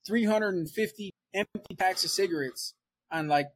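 A man's voice: high-pitched, normal speed, fairly bright tone. A young man telling a story in a conversation, in a loose, rambling way full of "like" and "right?". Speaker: interview guest.

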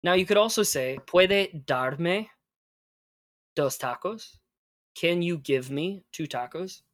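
A man teaching conversational Spanish, patiently explaining and modeling phrases slowly. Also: on the high side, expressive, fairly bright tone, no echo.

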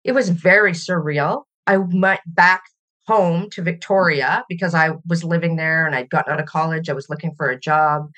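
A woman's voice: deep voice, steady tone, normal speed. Reflective middle-aged Canadian woman guest. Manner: reflective and warm, laughs while telling stories. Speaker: podcast guest. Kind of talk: conversational interview.

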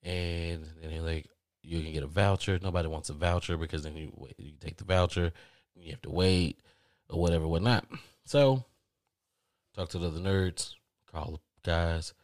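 Brief: low-voiced male host, exasperated casual rant, dry close sound. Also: normal speed, darkish tone, no echo. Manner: exasperated storytelling, swears freely. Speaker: podcast host. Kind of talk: casual ranting monologue.

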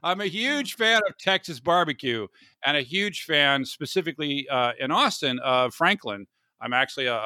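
A man's voice: medium pitch, sharp tone, no room sound, studio quality. A man from Florida hosting a podcast in a chatty, joking way, often restarting his sentences. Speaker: podcast host. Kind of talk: casual podcast chat.

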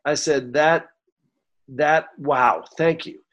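Higher-pitched man telling his story. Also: slow. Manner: animated, acts out quoted dialogue; gets emotional. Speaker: songwriter guest. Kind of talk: storytelling interview.

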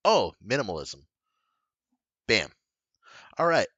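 Podcast co-host, male, low-pitched but bright and lively, dry close sound. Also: slow, no echo, muffled recording. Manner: animated, swears freely, jokey storytelling. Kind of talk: casual chat.

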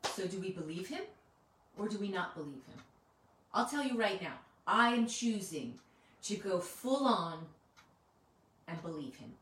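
A woman's voice: medium pitch, big pitch swings, measured pace, long pauses, a bit bright, slight background noise. A woman giving an earnest, conversational sermon, asking her listeners one rhetorical question after another. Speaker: Bible teacher. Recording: echoey room, mic at a distance.

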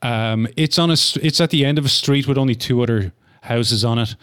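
A man narrating as game master of a tabletop game, relaxed and full of fillers. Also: medium pitch, brisk, clean tone.

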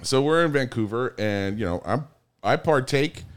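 A man casually telling a story among friends, animated, swearing a lot and acting out the quotes. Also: mid-range voice, normal speed, clear, resonant tone.

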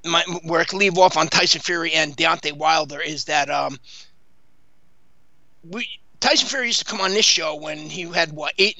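A man's voice: on the high side, bright, forceful tone, no room sound, low-quality recording. A man hosting a boxing talk show, rambling casually with many fillers and restarts.

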